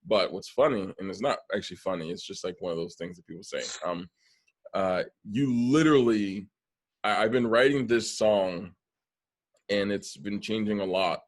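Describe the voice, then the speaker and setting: A man's voice: on the low side, moderate pace. A man hosting a podcast in casual conversation, an attentive listener who backs the speaker with frequent "mm-hmm". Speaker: podcast host.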